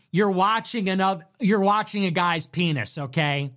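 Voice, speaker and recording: Guy streaming from home, high bright voice, jokey and sarcastic, riffing on chat. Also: normal speed. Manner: animated, sarcastic, provocative, jokey. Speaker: livestream host reading donations. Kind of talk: casual livestream commentary.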